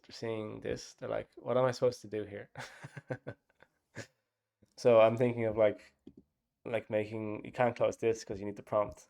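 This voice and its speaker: Gravelly rambling man. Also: medium pitch, darkish tone. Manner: rambling, thinks aloud with many fillers. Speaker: app developer. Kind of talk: casual dev log talk.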